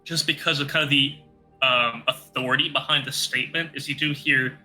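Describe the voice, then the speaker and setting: A man's voice: mid-range voice, steady tone, brisk, pushed and bright, faint music behind, rough recording. A man narrating as game master in a casual, rambling way with many fillers.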